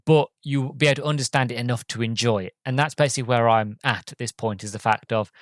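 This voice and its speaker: A podcast host gives a casual solo video game review at a quick pace, rambling eagerly, restarting sentences, and filling pauses with ums. His mid-pitched voice is recorded close and dry, with no room sound.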